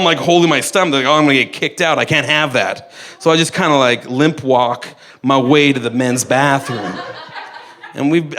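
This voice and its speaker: A man's voice: a little high, fairly bright tone, a little hiss or hum. A young man telling a funny story on stage at a live storytelling night, rambling and mocking himself, with many restarts. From Canada. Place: live storytelling event in a venue.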